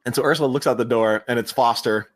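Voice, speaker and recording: A man hosting a podcast, retelling a movie scene by scene in casual chat and laughing often. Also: mid-range voice. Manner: animated retelling, puts on quick voices for quotes, laughs often. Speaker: podcast host.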